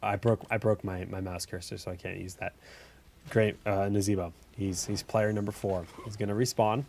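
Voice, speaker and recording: A man hosting casual commentary on viewer-submitted game replays. He talks in a chatty, rambling way, corrects himself often, and breaks into excited shouts at big plays. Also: on the low side, normal speed, a little hiss or hum.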